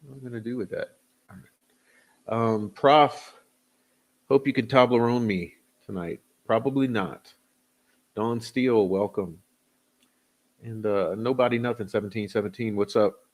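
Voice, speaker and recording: A man hosts a casual livestream, his voice on the low side and a little slow, with long pauses. He greets viewers by name as he reads the chat, rambling loosely with chuckles and fillers.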